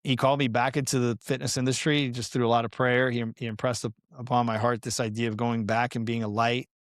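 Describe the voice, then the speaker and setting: A middle-aged Colombian man appears as a podcast guest; he's a pastoral counselor and fitness coach with a medium-pitched voice. He speaks quickly and tells his story earnestly and with animation, though his pitch moves little, and casual fillers slip in. The recording is dry and close, with no echo.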